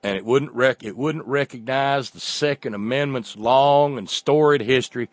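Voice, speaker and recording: A man's voice: mid-range voice, normal speed, few pauses, no echo. A man delivering a sarcastic satirical monologue as a commentator, often restarting his words.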